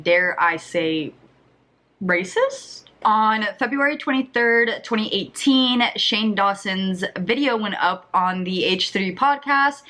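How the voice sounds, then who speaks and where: A woman's voice: medium pitch, sharp tone. A young woman giving casual commentary on a YouTube channel, with skeptical, exasperated asides.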